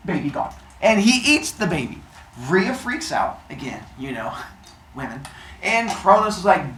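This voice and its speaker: A man's voice: high voice, very animated, a little slow, fairly bright tone. A man telling myths to a live audience in a playful, joking way, quizzing his listeners as he goes, recorded from a distance in an echoey room with faint noise. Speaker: storyteller. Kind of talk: lively storytelling to a live audience.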